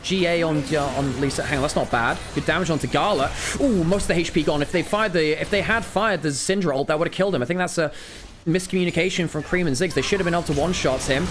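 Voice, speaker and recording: A man doing live play-by-play commentary on an esports match. He shifts from calm analysis to exasperated outbursts, and he is worn out after a long week. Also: on the high side, fast, music in the background. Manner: self-correcting, apologetic asides to viewers. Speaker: esports caster.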